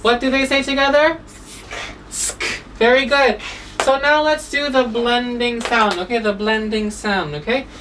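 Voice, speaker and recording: A woman teaching a phonics lesson to children, sounding out words slowly and asking "okay?" after nearly every line, coaxing and gently scolding. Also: a little high, steady tone, far from the mic, noisy background. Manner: slow, drawn-out sounds, repeats "okay?" often; coaxing, mildly scolding when children drift.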